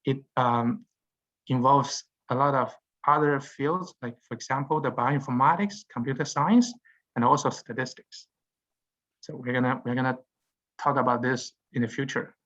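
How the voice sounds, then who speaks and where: A man's voice: medium pitch, fairly bright tone. Hesitant male lecturer, dull lo-fi sound. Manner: halting, frequent "uh" fillers and restarts. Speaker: university lecturer. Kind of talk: classroom lecture.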